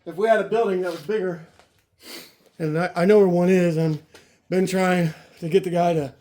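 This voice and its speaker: A man's voice: sits high, steady tone, darkish tone. A man unloading a trailer of car parts outdoors in the cold, out of breath and talking while he works. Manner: talks while lifting and hauling, breathy pauses. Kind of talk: casual narration while working. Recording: echoey, distant camera audio with clear noise.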